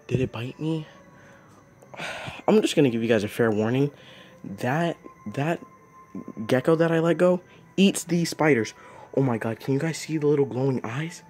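A man's voice: mid-range voice, moderate pace, a little mellow, faint music behind. A young man vlogging outdoors at night on a phone, narrating casually and exclaiming in squeamish alarm about bugs. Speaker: nature vlogger.

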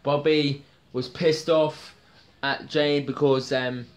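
A man's voice: on the high side, flat delivery, takes it slowly. A man hosting a jokey solo TV review video, rambling and hesitant with many ums and slang words. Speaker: TV soap reviewer.

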